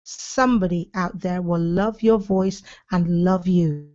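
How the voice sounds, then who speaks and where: A woman's voice: on the low side, steady tone, a little slow, darkish tone. A woman hosting her own show as a speaking coach, giving a passionate, emphatic motivational talk. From Britain. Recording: slightly dull lo-fi audio.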